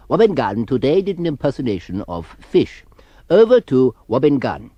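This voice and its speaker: A man reading a deadpan mock news bulletin with silly interjections, on a hissy old cassette tape. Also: mid-range voice, normal speed, dull audio. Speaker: comedy newsreader.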